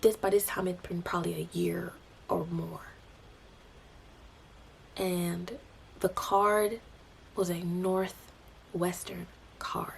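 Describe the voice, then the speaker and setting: A young woman telling a personal faith testimony, emotional and animated, dropping into breathy hushed asides. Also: medium pitch, slight background noise. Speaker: vlogger sharing a faith testimony.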